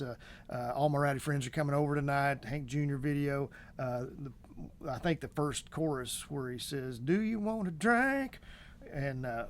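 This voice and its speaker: A middle-aged man hosting a vlog, telling a story in a rambling, folksy way with many fillers. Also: mid-range voice. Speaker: vlog host. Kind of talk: casual storytelling.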